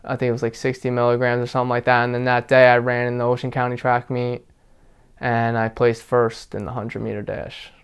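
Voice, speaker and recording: Young guy casually telling his story, says like a lot, really smooth clean voice, pretty monotone. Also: mid-range voice, brisk. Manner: relaxed, filler-heavy storytelling with frequent "like". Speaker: interviewee. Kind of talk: casual personal account.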